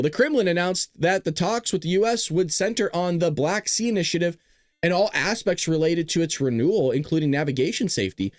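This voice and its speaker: A man's voice: high-pitched, expressive, fairly quick, no room sound, studio quality. A middle-aged man hosting a political talk show, talking casually with sarcastic, jokey asides.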